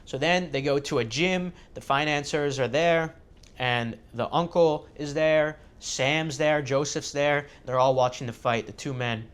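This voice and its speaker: A man hosting a casual video who tells a story in an animated way, full of fillers. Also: fairly high pitch, a little slow, smooth. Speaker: host.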